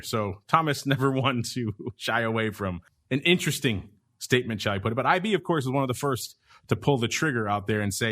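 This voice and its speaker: A man's voice: mid-range voice, animated, fairly quick, fairly bright tone. A man hosting a markets podcast, chatty and wry, with asides. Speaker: podcast host. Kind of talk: casual market talk.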